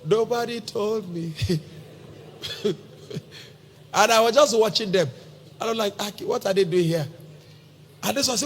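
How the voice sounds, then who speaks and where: A man's voice: high-pitched, fairly quick, a little hiss or hum. A Nigerian man preaching a sermon as a pastor, telling a story with humor and calling his listeners sir. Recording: long hall reverb.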